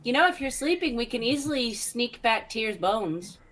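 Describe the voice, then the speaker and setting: A woman's voice: a little high, animated, moderate pace, a bit bright. A woman in a casual group chat, playful and teasing, laughing easily.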